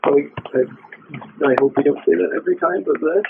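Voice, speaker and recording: A man co-commentating a video game, chatty and joking, quick to laugh. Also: a little high, vocal fry, slight background noise. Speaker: let's play co-commentator. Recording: tinny phone-like call audio.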